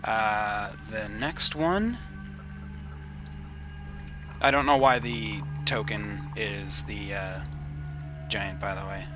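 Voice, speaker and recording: A man narrating as game master of a tabletop game, easygoing and casual, with many pauses. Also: on the low side. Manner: easygoing, casual, says "uh" often.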